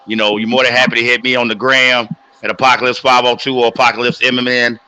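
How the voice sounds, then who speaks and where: A man's voice: medium pitch, little pitch movement, fast talker, sharp tone, clean tone, low-quality recording. A man hosting a casual sports talk podcast, plugging his own show with hype announcer delivery. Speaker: podcast host promoting his wrestling show. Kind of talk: casual banter and show plug.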